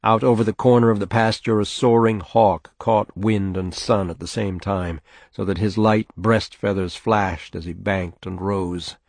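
A man reading a short story aloud in a steady, measured way. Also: fairly low pitch, vocal fry, no echo. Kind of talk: scripted narration of a short story.

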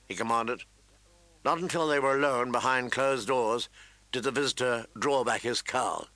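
A man reading fantasy narration as an audiobook narrator, with a steady, even storytelling delivery. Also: mid-range voice, moderate pace, dry recording.

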